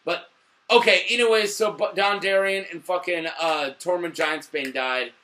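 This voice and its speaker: A young man hosting a casual TV review, a little drunk, excitable and swearing, bursting into shouts. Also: sits high, normal speed. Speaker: show host reviewing TV.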